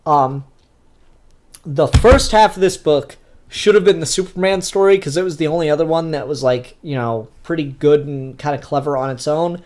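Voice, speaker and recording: A young man with a somewhat high voice gives a casual spoken comic book review. He rants in a blunt, profane way. His talk is loose and full of fillers. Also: moderate pace, darkish tone.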